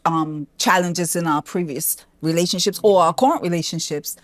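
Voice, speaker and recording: A woman relationship coach hosts a talk show and gently draws her guests out with questions. Her voice sits a little low. The recording is dry and close. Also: normal speed, no room sound. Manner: gently guiding, asks questions. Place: television studio.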